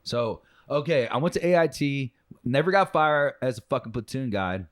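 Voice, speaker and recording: A man co-hosting a podcast, telling a story in casual chat, swearing freely and bursting into loud quoted voices. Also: mid-range voice, moderate pace, no echo, clean studio sound. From United States. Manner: profane, animated storyteller, loud acted quotes. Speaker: podcast co-host.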